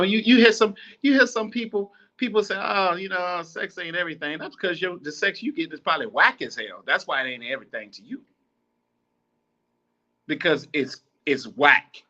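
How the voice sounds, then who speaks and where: A man's voice: on the high side, sharp tone, dull audio. A man hosting a podcast, giving blunt, profane advice in a casual, preachy, repetitive monologue. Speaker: podcast host.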